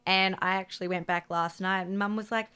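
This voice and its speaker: A woman's voice: mid-range voice, steady tone, brisk, bright, forceful tone, clean tone. A woman, telling chatty stories about her mum on a radio show. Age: 20s. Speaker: radio co-host. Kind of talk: casual chat.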